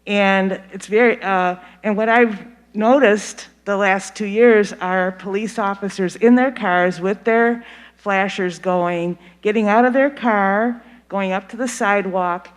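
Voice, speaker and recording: An older grandparent from Detroit telling a calm, unhurried anecdote at a community forum. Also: mid-range voice, clean tone. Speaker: community meeting participant. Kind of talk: public comment at a community forum. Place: meeting room.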